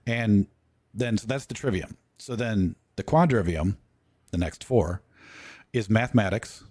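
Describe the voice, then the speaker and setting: A man's voice: fairly low pitch, a little mellow, no room sound. A man in casual talk, lecturing and walking through his points one by one.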